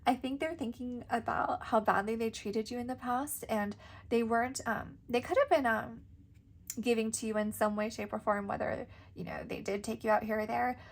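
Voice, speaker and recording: A woman's voice: a little high, moderate pace, creaky. A young woman doing a casual tarot reading, chatty and giggly, with lots of "like" and "um". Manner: chatty, giggly, filler-heavy. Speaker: tarot reader.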